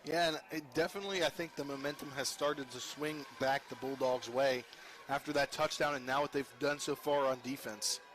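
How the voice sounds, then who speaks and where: A man with a West Virginian accent giving color commentary on a high school football broadcast, speaking in measured analysis with some restarts. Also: fairly even intonation, a bit bright. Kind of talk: live sports color commentary.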